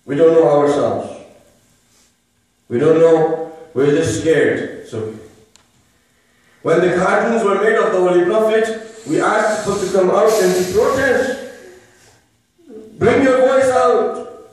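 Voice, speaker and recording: High-pitched man preaching in an echoey hall. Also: expressive, takes it slowly, pauses often. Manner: emphatic, repeats phrases and asks rhetorical questions. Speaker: religious speaker. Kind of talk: lecture to a live gathering. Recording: very echoey room, voice from far off. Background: listeners murmuring responses.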